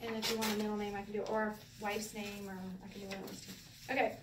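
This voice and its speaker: A woman's voice: mid-range voice, flat delivery, very fast. A woman teaching a Hebrew class in a casual, playful way, laughing often and going sing-song when she demonstrates. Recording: roomy, from a distance, faint background noise.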